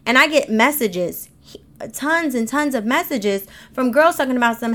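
A woman's voice: sits high, normal speed. Emphatic woman podcast host with AAVE. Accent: African American Vernacular English. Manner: emphatic, animated, speaks with slang. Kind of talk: motivational monologue.

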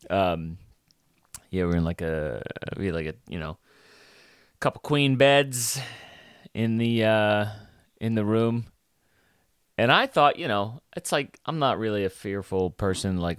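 Deep-voiced rambling male comedian. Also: lively intonation, a little slow, long pauses, clean tone, no room sound, clean studio sound. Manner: rambling, with many fillers and restarts. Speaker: stand-up comedian. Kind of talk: casual storytelling monologue.

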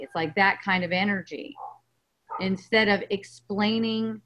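A woman hosting a spiritual coaching webinar, talking gently and reassuringly in a rambling way over a video call. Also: medium pitch, steady tone, measured pace, a little hiss or hum, rough recording. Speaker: host.

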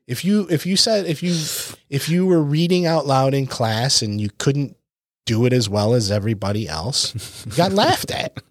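A man's voice: medium pitch, expressive, normal speed, dry recording. Reflective man on a dry mic. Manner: reflective, repeats points for emphasis. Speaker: podcast co-host. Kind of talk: casual chat.

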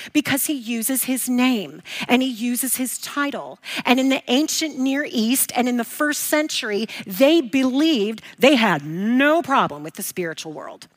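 A woman's voice: fairly high pitch, fairly bright tone. A woman teaching a bible lesson, emphatic, posing questions and answering them herself. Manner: emphatic, repeats key points, asks and answers own questions.

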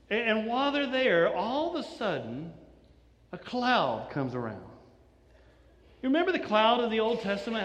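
A man with a high, light voice preaches a sermon, retelling the story in an easy, conversational way. He slips into the voices of the people he describes. His words ring out with the long echo of a large hall. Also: fairly bright tone. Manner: conversational storytelling, acts out quoted lines. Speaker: pastor. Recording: echoey hall.

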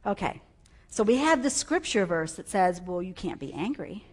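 A woman preaching a sermon on a clip-on mic, animated and emphatic, with sudden loud bursts. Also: mid-range voice, moderate pace.

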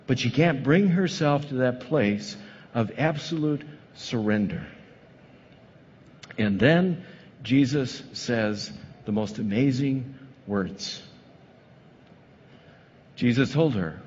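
A pastor preaching a sermon, dramatic and animated, acting out the voices of the people he describes. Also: mid-range voice, takes it slowly, long pauses, breathy edge. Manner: dramatic, acts out quoted voices with rising intensity. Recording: muffled sound with long hall reverb.

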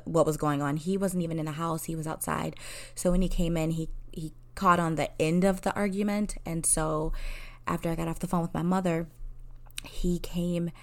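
A woman in her forties, a counselor, candidly telling a personal story in a conversational way, laughing at herself. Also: lowish voice. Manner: candid and conversational, laughing at herself, quoting people in lively voices.

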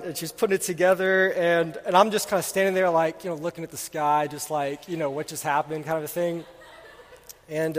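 Young pastor guy rambling through a story, kinda high voice, lots of ums, echoey hall. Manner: casual, rambling storyteller with many fillers; grows loud and animated while telling the story. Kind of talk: sermon with personal story. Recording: reverberant hall.

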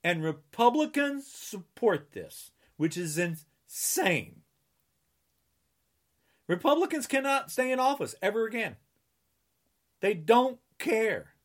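A man's voice: high voice, sing-song, slow, pauses often. A man from New Jersey delivering an angry political rant, sarcastic and indignant, repeating mocking refrains and scolding his listeners. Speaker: political commentator.

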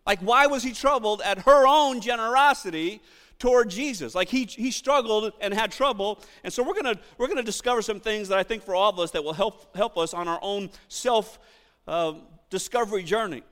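A middle-aged man preaching a sermon, animated, acting out quotes and shouting for emphasis. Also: high voice, moderate pace, in a large hall. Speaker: pastor.

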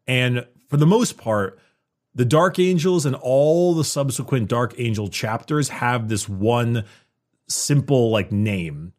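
A man's voice: mid-range voice, a little mellow. A man explaining game lore at length in a casual podcast conversation, with frequent restarts.

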